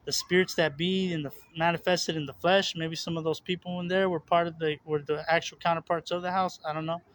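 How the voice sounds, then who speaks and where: A man's voice: fairly high pitch, steady tone, a little fast, a bit bright. A young man talking casually and earnestly about his spiritual struggles, rambling with repeated words, fillers and restarts. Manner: earnest, confessional. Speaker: religious video host.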